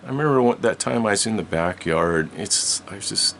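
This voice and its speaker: An older man with a very low, gravelly voice tells a childhood story in a casual way. He rambles, restarts his sentences and laughs often. A faint hum sits under the recording. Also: expressive, fairly quick, fairly bright tone.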